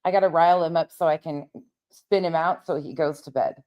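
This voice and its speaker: A woman with a lowish voice chats casually on a late-night livestream, answering her viewers directly. She gets heated and swears freely, and she paces while she talks. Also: a little fast, muffled recording. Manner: paces around while talking. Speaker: livestream host reading chat.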